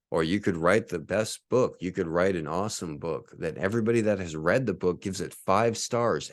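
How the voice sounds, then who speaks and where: A man's voice: low-pitched, dry recording, studio quality. A man in his forties hosting a podcast, ranting in a profane, boastful, combative monologue. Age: 40s. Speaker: podcast host.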